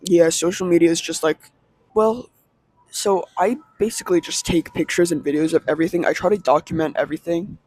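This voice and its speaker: Chatty teenage guy, slightly high voice. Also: steady tone, a little fast, a little mellow, no echo. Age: late teens. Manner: rambling, chatty, self-aware asides. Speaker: vlogger. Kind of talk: casual vlog monologue. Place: in a market.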